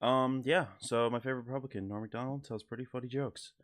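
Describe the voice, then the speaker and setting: A man's voice: medium pitch, steady tone, quick pace. A man hosting a live stream, chatting loosely and profanely with lots of fillers. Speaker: stream host. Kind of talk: casual profane chat.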